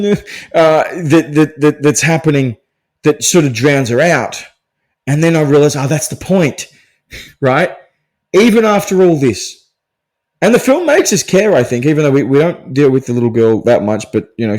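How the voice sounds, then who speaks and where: A man's voice: medium pitch, darkish tone. A male podcast host talking through a film on his own. He thinks aloud as he goes and often checks in with "right?". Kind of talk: solo film discussion podcast.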